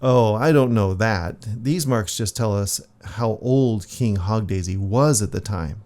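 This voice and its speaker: A man voicing a calm, thoughtful male priest who explains things slowly. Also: on the low side, lightly acted. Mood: musing.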